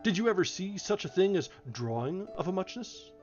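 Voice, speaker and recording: A man voicing a sleepy little male dormouse with a hoarse, feeble voice, drawn out slowly in a storybook reading. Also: high voice, sing-song, lo-fi sound, faint music behind, pitched above the performer's own voice. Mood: drowsy. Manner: slow, drowsy, easily offended.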